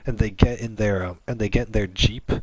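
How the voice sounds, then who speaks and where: A man making up a story as he goes, rambling and restarting often. His voice sits low and sounds dry and close. He talks like a gaming host chatting over play. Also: steady tone, a little fast, a little mellow, no echo, low-quality recording.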